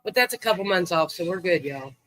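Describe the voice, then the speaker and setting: A man's voice: high voice, animated, fairly quick, a bit bright, soft background music, low-quality recording. A man hosting a livestream, chatting easily with viewers and greeting them by name. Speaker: livestream host. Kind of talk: casual chat with viewers.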